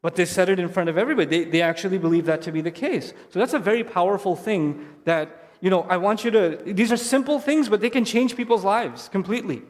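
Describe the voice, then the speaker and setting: A middle-aged man giving an earnest talk with gentle humor to families in a large mosque hall. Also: high voice, fast, hardly any pauses. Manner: earnest and repetitive, with warm humor. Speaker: Islamic speaker addressing families. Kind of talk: sermon-style talk to a live audience. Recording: long reverb of a mosque hall.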